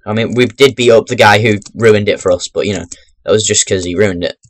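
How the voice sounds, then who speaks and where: A young man giving chatty, rambling commentary while playing a video game into his webcam microphone, breaking into sudden loud exclamations. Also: on the low side, fairly quick, a little hiss or hum. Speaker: gaming commentator. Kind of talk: chatty let's-play commentary.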